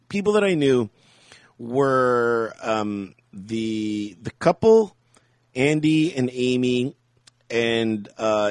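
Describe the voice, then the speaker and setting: A man's voice: mid-range voice, no room sound, studio quality. A man co-hosting a podcast, telling a rambling story in casual chat and laughing often. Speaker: podcast co-host.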